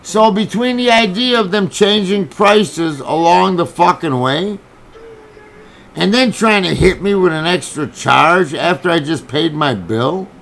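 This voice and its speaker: A man's voice: high voice, a little slow, gravelly, a bit bright, a little hiss or hum, rough recording. A man telling an angry, profane story, acting out both sides of an argument in quoted dialogue. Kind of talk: angry personal rant.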